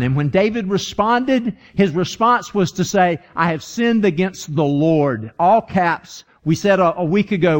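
A man's voice: a little high, lo-fi sound. A man preaching a sermon, retelling a story with earnest emphasis that rises to urgent appeals. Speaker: pastor.

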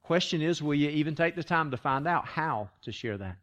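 A man preaching a sermon with a slightly high voice. He tells stories in a loose, conversational way, often stumbling and restarting. Then he builds to emphatic, repeated lines. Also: expressive, brisk, a bit bright, lo-fi sound. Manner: conversational storytelling, rising to emphatic repetition; frequent restarts and stammers. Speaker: pastor.

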